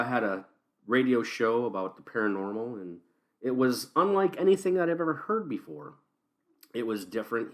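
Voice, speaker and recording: A male podcast host talking alone into the mic, his pitch swinging up and down as he rants. He has had a few beers and it shows in his loose, meandering delivery. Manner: ranting, animated, swears. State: tipsy from beer. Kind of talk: solo podcast monologue.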